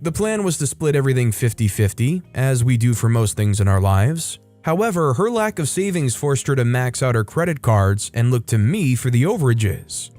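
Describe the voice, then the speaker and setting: A man reads stories aloud in a relaxed, conversational tone, adding his own remarks between them. His voice sits in an ordinary middle pitch. Soft music plays faintly behind him. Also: normal speed, few pauses. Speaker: host and reader of online stories. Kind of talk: reading stories aloud with commentary.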